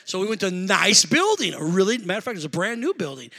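A pastor preaching a sermon, swinging from shouted calls to the congregation to quiet conversational storytelling. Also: male voice, high-pitched, big pitch swings, quick pace, creaky. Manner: preacherly call-and-response, shouting and dropping to conversational asides.

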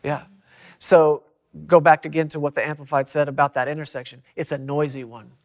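Male pastor, fairly high voice; emphatic preaching that lifts on quoted lines. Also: fairly even intonation, a little fast. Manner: emphatic, rising for quoted scripture. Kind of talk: preaching in a church talk.

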